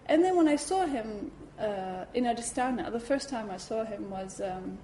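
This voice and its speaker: A woman giving a talk at a Buddhist centre, telling a personal story in a lively way, acting out her reactions and saying "you know" often. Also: fairly high pitch, moderate pace, slight background noise, low-quality recording.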